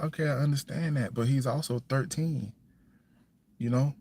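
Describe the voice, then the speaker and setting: A man's voice: mid-range voice, fairly even intonation, moderate pace, pauses often, dark tone. A single father chatting casually on a livestream. He is firm and plainspoken, repeats himself, and keeps checking in with "you know what I'm saying". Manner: firm and plainspoken about household rules.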